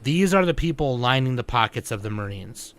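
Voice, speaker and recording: Bright-voiced man swearing through a story. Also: mid-range voice, expressive, brisk. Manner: loose, profane, acts out characters' lines. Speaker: podcast co-host. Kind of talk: casual podcast chat.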